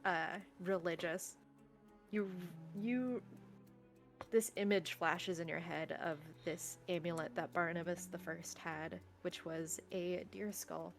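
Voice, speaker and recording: Low-voiced woman running a tabletop game. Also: steady tone, slow pace, vocal fry, soft background music. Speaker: game master.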